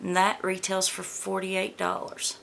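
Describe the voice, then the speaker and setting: Slow, gravelly, bright-voiced woman vlogger. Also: medium pitch, monotone. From American South. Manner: chatty, stumbles over product names; reads product blurbs aloud. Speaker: beauty vlogger. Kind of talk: casual unboxing chat.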